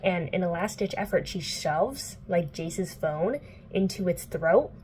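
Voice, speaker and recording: A woman's voice: on the low side, lively intonation, measured pace, a little mellow, a little hiss or hum. A young woman book vlogger casually recapping a plot indoors, chatty and playful, full of "like" and swearing. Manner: chatty, filler-heavy, profane, playful.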